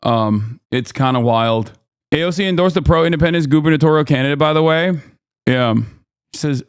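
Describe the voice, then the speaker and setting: Brief: male streamer host, sarcastic banter, smooth slightly high voice, dry close mic. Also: normal speed, no room sound. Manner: joking, sarcastic, talks back to chat. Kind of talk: casual reaction commentary.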